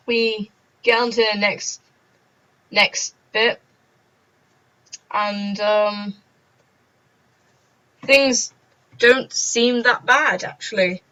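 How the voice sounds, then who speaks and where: A woman's voice: a little high, bright, forceful tone. A teenage girl telling a story in a chatty vlog, acting out the people she quotes. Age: teens. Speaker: vlogger. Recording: dull lo-fi recording.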